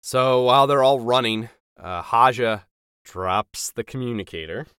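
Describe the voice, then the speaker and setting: A man co-hosting a podcast, retelling TV scenes in a chatty, animated way, with occasional swearing. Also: mid-range voice, a little slow, smooth, dry recording, studio quality. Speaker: podcast co-host. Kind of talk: casual chat recapping a TV episode.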